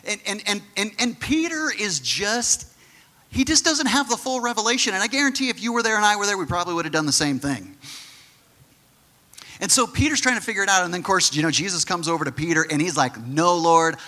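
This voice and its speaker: Pastor, male: bright, forceful, slightly higher voice; talks the congregation through scripture conversationally. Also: lively intonation, fast talker. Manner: conversational teaching with frequent restarts; acts out the quoted figures in his own voice. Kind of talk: sermon.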